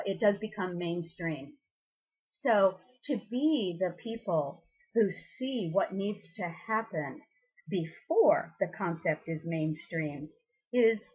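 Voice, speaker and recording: Brief: female priestess, slow earnest uplifting address, husky tone, dull lo-fi recording. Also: medium pitch. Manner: earnest, encouraging, speaks straight to listeners; loose and unscripted, with many ums and uhs. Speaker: presiding priestess of a goddess temple. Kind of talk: inspirational recorded message.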